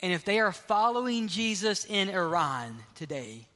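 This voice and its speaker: With a high, bright, sing-song voice, a pastor delivers a forceful sermon, leaning on important phrases and slowing for emphasis. The big sanctuary around him leaves a long echoing tail on his speech.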